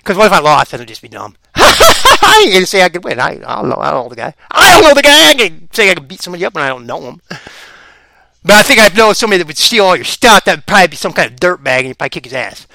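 A man with a high, bright and forceful voice rambles through casual reaction commentary, getting excited and laughing easily. His delivery swings wildly up and down in pitch, with a gravelly edge on the low notes. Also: racing, rough recording. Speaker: vlogger reacting to fights.

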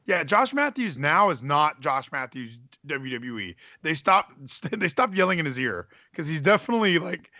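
A man co-hosts a podcast in easygoing chat, playful and quick to mimic others. His voice is bright and a little high, and it swings widely in pitch. The recording is dry and close. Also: very animated, dry recording, highs cut off. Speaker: podcast co-host. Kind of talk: casual chat.

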